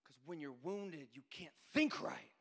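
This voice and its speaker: A man preaching a sermon as pastor, going from quiet storytelling to shouted, sing-song preaching. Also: on the high side, sing-song, unhurried, big-room sound. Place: church sanctuary.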